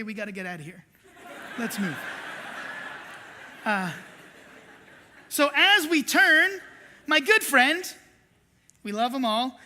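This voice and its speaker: A woman pastor's bright, forceful voice sits high as she preaches in a church sanctuary, the hall ringing with reverb. Her sermon includes a story told with self-deprecating humor, with the quoted lines performed aloud.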